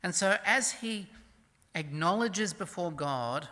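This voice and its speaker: A preacher delivering a sermon with emphasis, swinging from loud declarations to hushed near-whispers and reading scripture slowly and softly. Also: medium pitch, lively intonation, big-room sound. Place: church.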